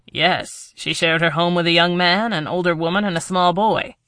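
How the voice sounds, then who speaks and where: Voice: medium pitch, steady tone, moderate pace, sharp tone, dry recording, clean studio sound, natural voice. A narrator doing a tense male henchman. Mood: reporting. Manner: tight, defensive, formal.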